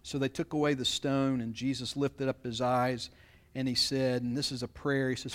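In an expository sermon, a man reads a scripture passage aloud and then unpacks it, asking his listeners rhetorical questions along the way. He is a pastor with a mid-range voice, a flat delivery, and a brisk pace.

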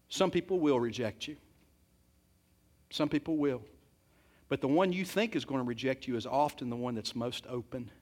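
A man's voice: mid-range voice, darkish tone. A man preaching a sermon, retelling a scripture story in casual everyday speech and breaking into acted quotes. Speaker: pastor.

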